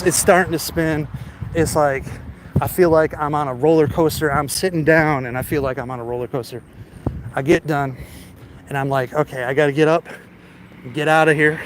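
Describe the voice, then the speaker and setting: Guy rambling into his phone on a walk, kinda high voice, stumbles over words, laughs a lot, traffic noise all around. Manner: rambling, stammering, laughs often. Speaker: vlogger. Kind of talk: rambling storytelling while walking. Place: outdoors on a city street. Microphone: phone held while walking. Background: street traffic noise.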